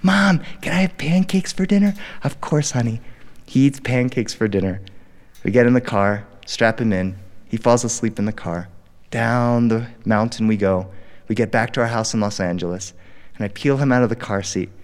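A middle-aged man telling a personal story live in a studio before an audience, acting out the voices and swinging his pitch wide for drama. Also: normal speed, in a large hall. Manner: animated, acts out dialogue with big pitch jumps.

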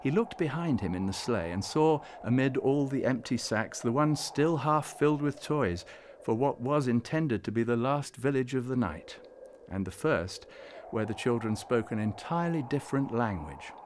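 Male narrator for a storybook, measured and gently expressive, mid-pitched, faint hiss behind.

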